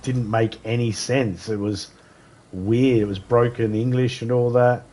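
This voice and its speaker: A man's voice: mid-range voice, steady tone, a little slow, warm tone. A man streaming a video game live, chatting casually with slightly slurred speech, rambling through stories and laughing often. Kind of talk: casual chat while gaming live.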